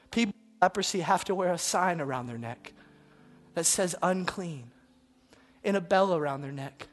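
A preacher giving a dramatic sermon that swings between loud passages and hushed asides, with faint music behind. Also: mid-range voice.

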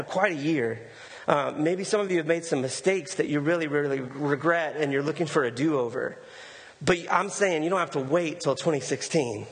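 A male pastor preaching a sermon in a conversational way, often repeating words for emphasis. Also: fairly high pitch. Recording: long hall reverb.

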